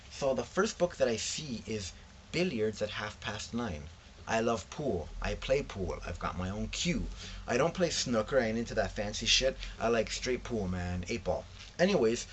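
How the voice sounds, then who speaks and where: A young man with a lowish voice chats casually in a vlog about books he found, over a slight hiss or hum. He narrates with slangy side comments and acts out his friends' remarks.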